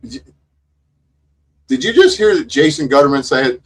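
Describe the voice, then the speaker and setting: A man's voice: a little high, very animated, moderate pace, husky. A man giving casual, sarcastic commentary on a video, mocking the people in it and swearing freely. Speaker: co-host reacting to a video.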